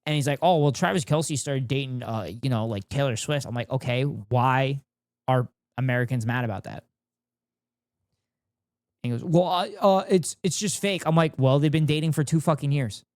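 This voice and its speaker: A man's voice: medium pitch, normal speed, a little mellow, dry recording, studio quality. A young man streaming, chatting casually and ranting with heavy swearing and sarcasm. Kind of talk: casual stream chat, reacting and reading chat.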